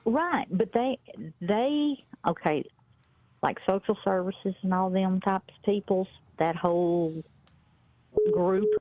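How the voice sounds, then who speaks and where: A woman's voice: medium pitch, very animated, slow, no echo. A woman, calling in and telling a story bluntly in casual chat. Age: 50s. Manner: blunt storytelling, quoting others. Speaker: caller. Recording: muffled dry phone-in audio.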